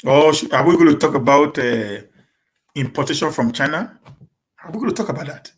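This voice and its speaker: A man with a Nigerian accent chatting casually to his live-stream viewers, talking quickly and often repeating and restarting words as he mixes in pidgin. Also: a little high. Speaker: live-stream host answering viewer questions.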